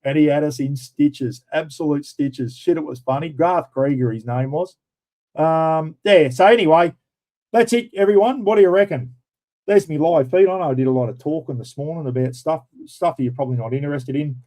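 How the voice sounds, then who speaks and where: A man's voice: on the high side, moderate pace, warm tone, poor audio. Blunt Australian man chatting on a livestream. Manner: blunt, swears freely, addresses viewers as mate. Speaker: livestream host. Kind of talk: casual live-stream chat.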